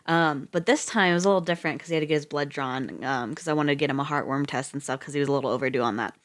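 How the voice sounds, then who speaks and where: Low-voiced rambling woman streamer. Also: rapid-fire. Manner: rambling and chatty, laughs often, swears casually. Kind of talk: casual chat on a reading livestream.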